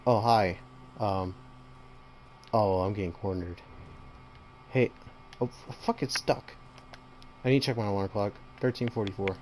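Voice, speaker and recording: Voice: sits low, steady tone, a little slow, long pauses, a little mellow, slight background noise. A gamer giving commentary on a horror game, jumpy and slangy, talking to the monsters and breaking into panicked repeated screams.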